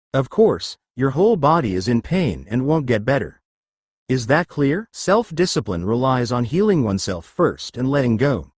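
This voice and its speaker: A man's voice: medium pitch, breathy edge, no echo, clean studio sound. A man leading exercise and breathing drills, giving step-by-step commands and coaching his listeners through each movement. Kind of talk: guided exercise instruction.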